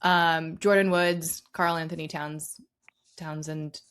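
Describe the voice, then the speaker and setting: Low-pitched lady chatting sports on a podcast, lots of likes and ums. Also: level tone, slow, a bit bright, smooth. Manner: chatty, many "like" fillers. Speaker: podcast co-host. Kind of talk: casual sports chat.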